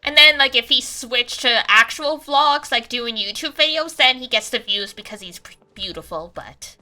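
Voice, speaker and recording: A woman's voice: fairly high pitch, normal speed, sharp tone. A young adult woman streaming a game, chatting casually and rambling with lots of fillers and giggles. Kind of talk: casual gaming stream chat.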